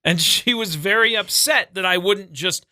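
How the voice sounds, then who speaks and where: A man in his forties co-hosting morning radio, telling stories with lively acted-out voices. His voice is very bright and a bit high for a man, recorded dry and close in the studio. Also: normal speed, no room sound. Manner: animated storyteller, acts out voices in quotes. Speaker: radio morning show co-host. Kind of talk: casual on-air banter.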